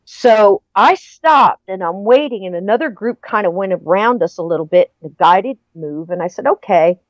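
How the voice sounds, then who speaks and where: A woman's voice: mid-range voice, lively intonation, moderate pace, no room sound. A middle-aged woman in casual chat, animatedly telling a story with frequent laughter. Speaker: podcast guest. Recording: dry, muffled lo-fi audio.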